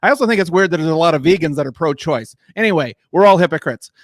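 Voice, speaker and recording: A man's voice: a little high, lively intonation, quick pace, no echo, studio quality. A middle-aged man doing a crude, rambling stand-up set who laughs at his own jokes, on a mic in a small garage room. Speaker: stand-up comedian. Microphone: microphone in a garage.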